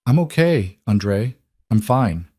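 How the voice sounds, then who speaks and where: A man's voice: on the low side, expressive, slow pace, a little mellow, slightly rough, no echo, studio quality, exaggerated voice. A man doing a restrained young wife. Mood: strained. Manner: brief, restrained replies. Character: composed young woman architect, wife.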